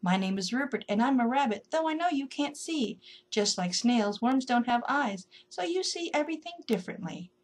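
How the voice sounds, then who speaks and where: A woman's voice: fairly high pitch, lively intonation, moderate pace, hardly any pauses, pitched above the performer's own voice. A woman voicing a polite, curious young male rabbit who speaks eagerly. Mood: earnest.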